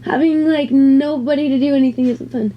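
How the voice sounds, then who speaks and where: A woman's voice: sits high, steady tone, fairly quick, highs cut off, slight background noise. A young woman vlogging to camera, nervous and swearing as she talks herself through a scary task at home. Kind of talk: casual vlog talking to camera. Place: home utility space by a water heater.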